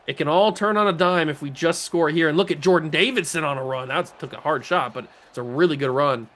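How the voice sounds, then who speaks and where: On his gaming channel, a man gives joking play-by-play of his own video game, talking to himself and swinging between mutters and excited yells. His voice is on the high side and fairly quick.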